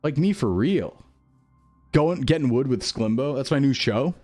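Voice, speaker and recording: A man's voice: medium pitch, animated, measured pace, darkish tone, soft background music. A young man rambling through casual gameplay commentary, jokey and self-mocking. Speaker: streamer.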